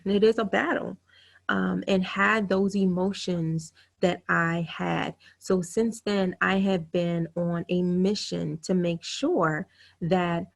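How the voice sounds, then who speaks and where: A woman's voice: mid-range voice, creaky. A woman in her thirties hosting a webinar, telling her own story in an earnest, candid and emotional way over a computer mic. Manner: earnest, candid and emotional, with quick self-quotes. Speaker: webinar host. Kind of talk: webinar talk, personal storytelling.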